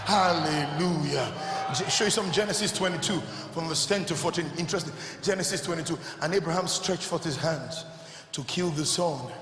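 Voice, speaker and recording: A man preaching a sermon who keeps asking the congregation if they are listening and climbs into shouted, fervent exhortation. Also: fairly high pitch, fairly quick. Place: large church hall. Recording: echoey hall with music behind.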